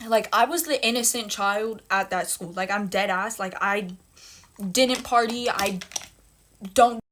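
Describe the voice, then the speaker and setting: A woman's voice: medium pitch, unhurried, fairly bright tone. Blunt, swearing young woman telling a story. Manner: blunt, heavy swearing, emphatic repetition. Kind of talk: casual storytime monologue.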